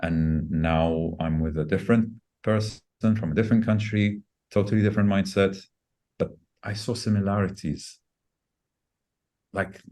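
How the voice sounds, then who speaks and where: A man's voice: low-pitched, darkish tone. A middle-aged man, a podcast guest, candidly telling a personal story in an earnest, reflective way. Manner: earnest, reflective, speeds up when quoting himself.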